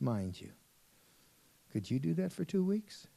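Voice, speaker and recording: Dark-voiced priest preaching to teens. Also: male voice, a little high, sing-song, measured pace, creaky, pauses often, dry recording. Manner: storytelling, asks the audience questions. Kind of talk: sermon to teenagers.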